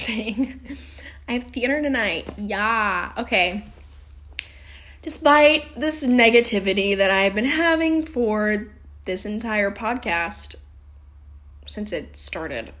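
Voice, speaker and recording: A woman's voice: medium pitch, a bit bright. A young woman hosting a solo podcast, rambling and venting heatedly with lots of swearing. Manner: rambling, self-questioning. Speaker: podcast host. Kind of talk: casual solo podcast rant.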